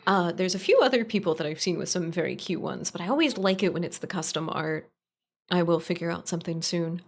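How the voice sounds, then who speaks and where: A woman streamer chatting casually with her viewers, rambling and animated, laughing often and swearing freely. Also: on the low side, fairly quick.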